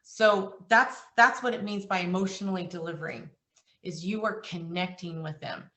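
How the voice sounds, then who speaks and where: A woman's voice: lowish voice, normal speed, bright, forceful tone, far from the mic. A woman coaching sales agents in an earnest, emotional way, retelling client calls. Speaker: insurance agency trainer. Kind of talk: motivational sales training talk. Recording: echoey room, voice from off-mic.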